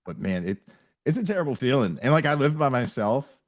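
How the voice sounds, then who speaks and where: A man on a podcast telling stories in an animated way, acting out what other people said and often laughing along. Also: mid-range voice, a little fast. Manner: animated storyteller, quotes people in acted voices, laughs often. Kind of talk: casual chat.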